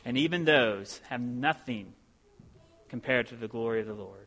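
A man's voice: mid-range voice, moderate pace, fairly bright tone. A middle-aged male pastor preaching a sermon with earnest, rising emphasis on key phrases.

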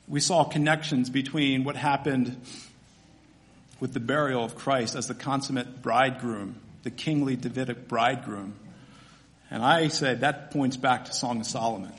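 A man's voice: medium pitch, fairly bright tone. A man, a pastor, preaching a sermon in a conversational, storytelling way with casual fillers.

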